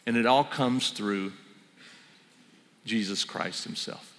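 A man preaching an earnest sermon as pastor, slowing down on key phrases and repeating them for emphasis. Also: on the low side, fairly bright tone. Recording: reverberant church hall.

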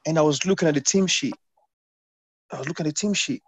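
A man from London, a former footballer, telling stories in an interview, animated and repeating phrases as he acts out his past self. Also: a little high, quick pace, dry recording. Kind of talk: casual interview storytelling. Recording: dull lo-fi dry sound.

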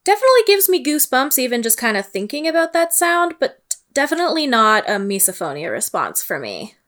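A woman's voice: high voice, very animated, fairly quick, fairly bright tone. A woman from Ontario co-hosting a podcast, chatting in an easygoing, agreeable way. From Ontario, Canada. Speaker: podcast co-host. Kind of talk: casual podcast chat.

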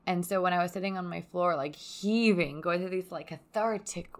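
A young woman hosting a podcast from home, speaking softly in a reflective, confessional solo monologue. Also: lowish voice, normal speed. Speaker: podcast host. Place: at home by a window onto a yard.

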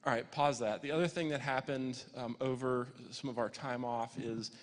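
A man's voice: medium pitch, fairly even intonation, moderate pace, a little hiss or hum. A man in his forties, a pastor preaching a sermon, telling a family story with quoted voices and building to fervent preaching. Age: 40s. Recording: long hall reverb.

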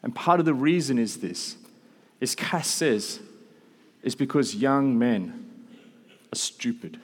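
A man in his thirties preaching a sermon to a room, with animated storytelling and quick asides. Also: mid-range voice, a little hiss or hum. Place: large hall with an audience. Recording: long hall reverb.

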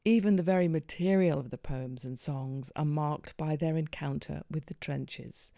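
A presenter with a gravelly, mellow voice reads a formal script in a measured way. The sound is dry and close. The voice is neither high nor low. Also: no echo. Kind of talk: scripted narration.

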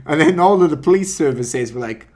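A man's voice: a little high, lively intonation, brisk, a little mellow. A man co-hosting a podcast, talking through news stories in a wry, casual way, with many fillers and frequent laughs. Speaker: podcast co-host.

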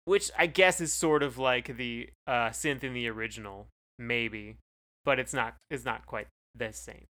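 A man's voice: medium pitch, unhurried, bright, forceful tone. A man co-hosting a podcast, talking casually in a hesitant, rambling way with many fillers. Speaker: podcast co-host. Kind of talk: casual chat.

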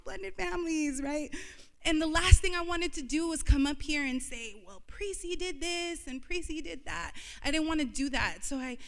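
A woman's voice: a little high, a bit bright. A woman in her thirties giving an emotional, confessional personal testimony as a church speaker, laughing through tears. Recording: reverberant hall.

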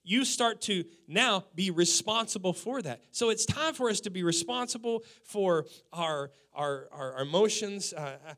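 A male pastor preaching with a high, bright voice. His delivery is animated, and he leans on emphatic repetitions and direct questions to his listeners. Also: moderate pace, few pauses. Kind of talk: sermon.

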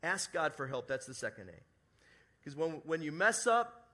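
A man's voice: a little high, big pitch swings, a little slow, sharp tone. A middle-aged male pastor preaching a sermon to a church congregation, telling a story with jokey asides. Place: church service before a congregation.

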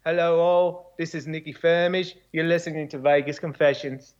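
A man's voice: fairly high pitch, fairly even intonation, moderate pace, clear, resonant tone, dull audio, lightly acted. A man doing a playful, exaggerated impression of an Australian podcaster, with a put-on Australian accent. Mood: cheery.

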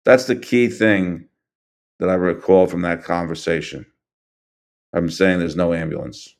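Halting older man with a low voice. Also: fairly even intonation, gravelly. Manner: halting, restarts and trails off, earnest. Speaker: interview guest, grieving father. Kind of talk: recounting events in an interview.

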